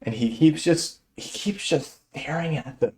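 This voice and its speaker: A young man telling a stand-up story in an animated way, chuckling as he goes. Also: fairly high pitch, unhurried. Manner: animated, chuckles through his own story. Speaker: stand-up comedian.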